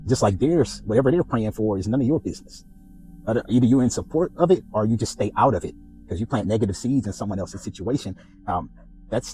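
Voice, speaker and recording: A man's voice: lowish voice, rough recording. A man hosting a casual spiritual reflection, telling a story and acting out the voices in it. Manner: animated storytelling, acts out dialogue. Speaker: podcast host.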